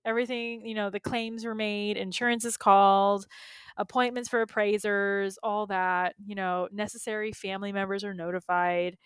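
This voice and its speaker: A woman's voice: medium pitch, fairly even intonation, normal speed, clean tone, no echo. A middle-aged woman hosting her own podcast, casually and animatedly telling a personal story with lots of fillers and asides. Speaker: podcast host and beauty business coach.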